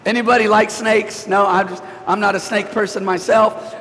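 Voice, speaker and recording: A man in his thirties, a pastor preaching a sermon in a church, chatty and animated, talking to the congregation. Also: high-pitched, unhurried. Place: church sanctuary. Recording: reverberant church hall.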